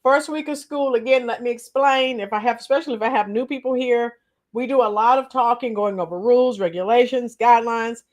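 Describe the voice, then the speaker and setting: A high-pitched woman hosts a chatty livestream, calling out viewers by name as they join. Her voice sounds slightly strained, and she clears her throat now and then. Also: steady tone, fairly quick. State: slightly strained voice after a week of teaching. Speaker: livestream host. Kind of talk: casual live chat with viewers.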